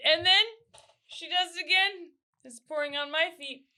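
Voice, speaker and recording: High, bright-voiced woman telling stories. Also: normal speed. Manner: animated storytelling, acts out family voices. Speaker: podcast co-host. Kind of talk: casual chat.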